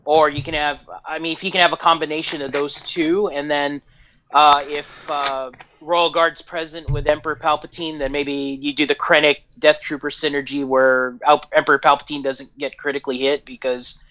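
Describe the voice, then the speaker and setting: A man's voice: on the high side, flat delivery, moderate pace, bright, forceful tone, slight background noise. A man co-hosting a game stream on a call, thinking aloud with lots of fillers. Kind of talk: casual group chat on a call. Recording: dull lo-fi call audio.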